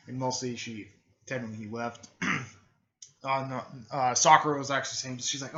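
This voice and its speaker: A man's voice: mid-range voice, fairly even intonation, moderate pace, fairly bright tone. A young man casually narrating a fan story, rambling with many fillers and self-corrections. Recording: muffled lo-fi recording.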